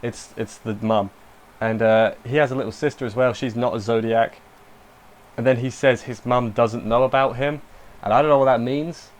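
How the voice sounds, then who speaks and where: A young man talks through an anime episode in a loose, rambling way. His voice sits at an ordinary middle pitch, and he keeps cutting himself off to add emotional asides. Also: steady tone, normal speed. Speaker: anime reviewer. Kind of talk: casual spoken review.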